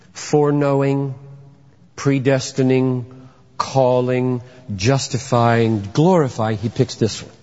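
A man's voice: mid-range voice, darkish tone. A man preaching a sermon, emphatic and dramatic, acting out courtroom scenes as he teaches. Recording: echoey hall, dull lo-fi sound.

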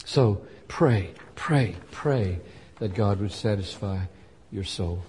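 A man's voice: fairly low pitch, animated, slow, a little mellow, slight background noise. A man in his sixties preaching a sermon earnestly, his voice rising sharply when he quotes scripture. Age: 60s. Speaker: pastor. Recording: long hall reverb.

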